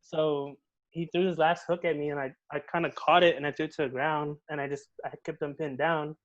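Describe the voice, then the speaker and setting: A young man tells a story fast and with energy, his voice sitting a little high. He swears often and fills the talk with bro and dude. The sound is dull and lo-fi. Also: level tone. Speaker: podcast guest. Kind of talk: casual storytelling.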